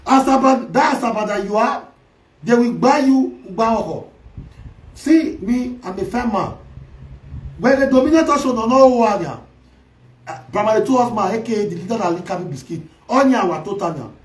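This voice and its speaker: A man delivers a mocking, loud social media rant, switching between Pidgin, Yoruba and Igbo. His voice sits high for a man and rings in a roomy, echoey space. He sounds set back from the microphone. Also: lively intonation, normal speed, distant mic. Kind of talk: ranting livestream commentary.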